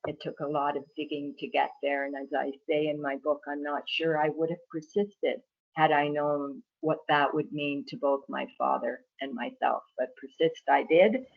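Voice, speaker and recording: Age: adult. Sex: woman. Origin: Ireland. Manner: measured, reflective storytelling. Mic: video call with slightly dull audio. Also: deep voice, flat delivery, vocal fry. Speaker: guest author. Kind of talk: reading from her own book.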